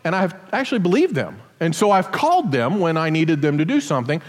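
A man's voice: a little high, sing-song, a little fast. A man giving a casual sermon as pastor, explaining scripture with joking asides in a church sanctuary. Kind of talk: conversational sermon. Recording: long hall reverb.

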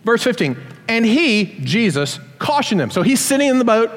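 A high-voiced man preaches with lively swings in pitch, telling stories and tossing in playful voiced asides. His voice rings with a long reverb, as in a large sanctuary. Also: normal speed. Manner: animated storytelling with voiced asides. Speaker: pastor. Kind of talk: sermon.

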